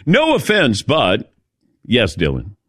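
A man's voice: medium pitch, wildly swooping pitch, takes it slowly, fairly bright tone, dry recording, studio quality. A middle-aged man hosting a casual sports talk radio show, chatty and storytelling, laughing at his own jokes.

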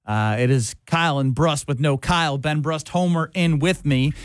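A man hosting a sports radio show, chatting and teasing his co-host in an animated way. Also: on the high side, dry recording. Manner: animated, teasing, quick back-and-forth. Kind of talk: casual sports radio banter.

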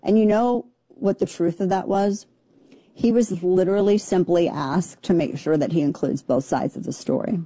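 A woman's voice: lowish voice, normal speed, mellow, no echo. A woman giving casual opinion commentary in an opinionated, sarcastic way.

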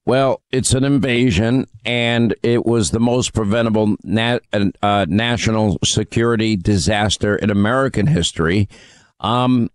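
A man's voice: on the low side, clean tone, dry recording. Emphatic male radio talk host. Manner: emphatic, opinionated.

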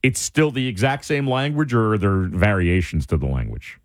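A man co-hosting a radio show in casual, joking chat, quick to laugh. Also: lowish voice, big pitch swings. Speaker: radio host.

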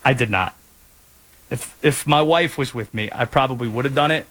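A man from North Carolina hosting a sports talk show, chatting in a lively, jokey way with asides. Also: medium pitch, moderate pace. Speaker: sports radio host.

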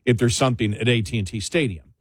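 A man's voice: medium pitch, fast talker, dry recording. Rambling man chatting on a dry mic. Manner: rambling, many restarts, laughs often. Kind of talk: casual chat.

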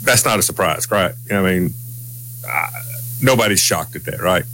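A man co-hosting a radio morning show, telling a story in casual chat, animated and quick to break into loud laughter. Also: low-pitched, a little hiss or hum, poor audio.

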